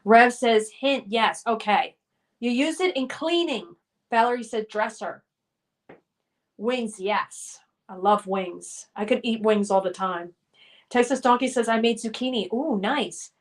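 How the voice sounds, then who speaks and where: A woman with a high, bright-pitched voice hosts a relaxed live stream and reads out viewer comments. She talks in an unhurried, chatty and upbeat way. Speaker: livestream host. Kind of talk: casual chat reading live comments.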